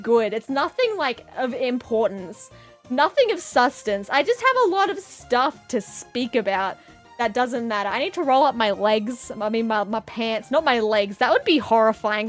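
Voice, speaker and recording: A woman streamer with a high, bouncy voice that swoops all over the place, rambling through silly tangents and giggling between thoughts. Soft music plays faintly underneath her casual live-stream chatter. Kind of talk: casual live-stream chat while drawing.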